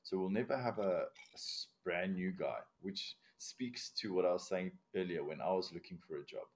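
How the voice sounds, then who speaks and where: Low-pitched and at normal speed, a male commercial diver with a non-native English accent gives blunt, step-by-step explanations of procedures during a casual podcast interview, swearing casually along the way.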